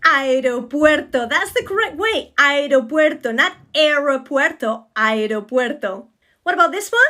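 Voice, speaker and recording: A woman's voice: sits high, sing-song, moderate pace, pushed and bright. A woman giving a short pronunciation lesson, correcting words in an emphatic, playful way. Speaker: Spanish teacher.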